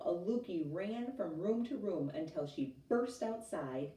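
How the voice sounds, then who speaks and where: A woman teacher reads a picture book aloud with a lively, swooping delivery and a low, mellow tone. Her voice carries through a roomy space, caught from a few steps away. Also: measured pace. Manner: expressive, chatty asides to listeners. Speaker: teacher reading to a class. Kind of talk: storybook read-aloud. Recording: roomy, mic at a distance.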